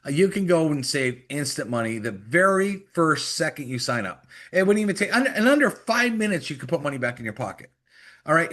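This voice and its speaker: Upbeat man giving a sales pep talk. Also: a little high. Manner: energetic, persuasive, acts out mock conversations. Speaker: company executive giving sales training. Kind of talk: motivational sales pitch on a call.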